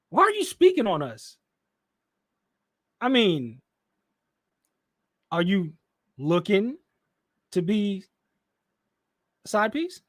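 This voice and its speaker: A man's voice: high voice, huge pitch swings, takes it slowly, pauses often, dry recording, clean studio sound. A man hosting a reaction commentary, mocking and firing rhetorical questions. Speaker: commentary channel host.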